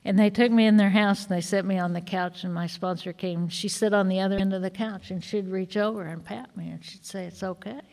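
A woman's voice: medium pitch, fairly even intonation, a little fast, hardly any pauses, darkish tone. Woman sharing her story in a reverberant hall. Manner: earnest storytelling with fillers, rising to agitated retelling. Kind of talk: personal testimony at a recovery meeting.

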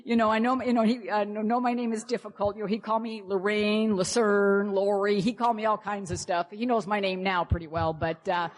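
A woman's voice: mid-range voice, steady tone, brisk, few pauses. A woman sharing a personal story at a recovery meeting, candid and wryly humorous.

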